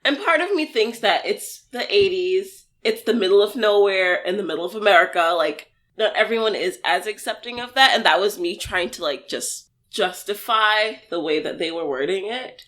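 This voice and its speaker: A woman's voice: mid-range voice, animated, normal speed, hardly any pauses, a bit bright. A young woman co-hosting a podcast, chatting casually and gushing with enthusiasm. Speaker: podcast co-host. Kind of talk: casual chat.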